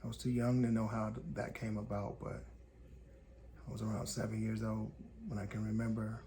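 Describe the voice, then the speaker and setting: A man from Indiana hosting a podcast, telling a personal story in calm, deliberate, short measured phrases. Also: fairly low pitch, slight background noise. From Gary, Indiana, USA. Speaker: podcast host. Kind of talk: reflective personal storytelling monologue.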